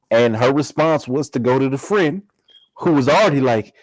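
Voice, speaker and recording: A man's voice: mid-range voice, big pitch swings, a little slow, pauses often, no room sound, rough recording. A playful man joins a casual chat, teasing and laughing as his voice rises and falls widely. He is recorded dry and close.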